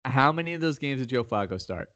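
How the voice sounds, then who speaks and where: A man's voice: medium pitch, expressive, fast, fairly bright tone, no room sound, highs cut off. A man talking casually through football picks, rambling with restarts and getting heated and profane when challenged. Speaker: podcast host making game picks. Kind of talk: casual sports chat.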